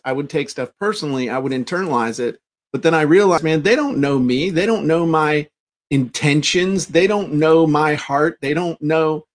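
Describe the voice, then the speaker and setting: A man co-hosting a casual business chat, animated and fond of acting out the people he talks about, often restarting his sentences. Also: fairly high pitch. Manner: animated, acts out quoted people; frequent restarts and repeated words. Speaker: podcast co-host.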